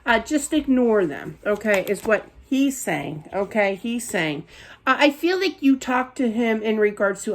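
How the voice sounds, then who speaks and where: A woman with a Philadelphia accent gives a spiritual card reading. Her voice sits a little high, and she rambles on in a reassuring way, dropping "you know" and "okay?" into nearly every line. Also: lively intonation, a little slow. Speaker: psychic card reader.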